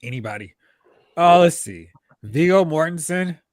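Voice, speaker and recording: A man's voice: a little high, normal speed, no room sound. Dry-voiced man in casual movie banter. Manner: relaxed, opinionated movie banter. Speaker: co-host. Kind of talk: casual chat.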